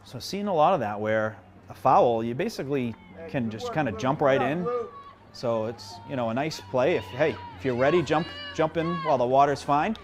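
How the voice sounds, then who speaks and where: A man's voice: medium pitch, moderate pace. Chatty man calling a local field hockey game. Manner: chatty, self-deprecating, jumps to yelling on big plays. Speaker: play-by-play commentator. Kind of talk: live local sports commentary. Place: outdoors at a high school field hockey game. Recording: crowd noise behind.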